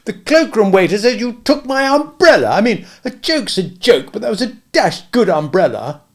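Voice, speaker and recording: A man voicing an indignant young gentleman who shouts in high, exasperated outbursts. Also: sing-song, normal speed. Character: pink indignant young man, flustered, whining.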